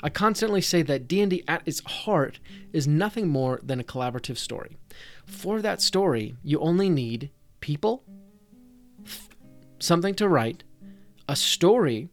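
A man hosting a podcast, talking directly to the listener in a conversational, scripted way as he gives advice to dungeon masters. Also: fairly high pitch. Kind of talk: scripted tips talk.

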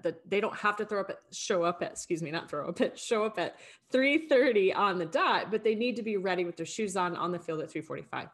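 Woman coach, slightly low voice, casual chatty delivery with fillers. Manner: chatty, frequent likes and laughs. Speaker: high school girls' team coach. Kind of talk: casual conversation.

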